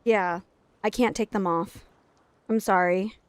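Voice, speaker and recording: A woman streaming from home late at night, chatting casually, laughing often and cooing softly to her toddler. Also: medium pitch, fairly even intonation, slow pace, clear, resonant tone, dry recording. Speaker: game streamer and mother. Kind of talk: casual live-stream chat.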